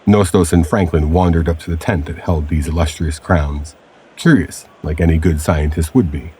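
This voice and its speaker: A man narrating a scripted audio adventure story in a measured storytelling manner. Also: extremely low pitch, dark tone, a little hiss or hum.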